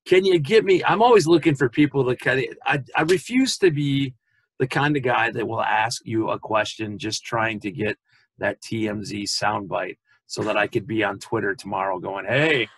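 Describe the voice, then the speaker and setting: A man's voice: lowish voice, normal speed, fairly bright tone, slightly rough, no room sound. A man hosting an interview over a video call, asking chatty, rambling questions. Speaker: interviewer, podcast host. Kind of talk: casual interview.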